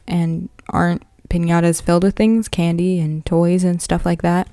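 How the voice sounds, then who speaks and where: Mellow woman reading a novel aloud. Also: on the low side, flat delivery, moderate pace, no room sound, studio quality. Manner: plain, with slips and self-corrections. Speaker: reader.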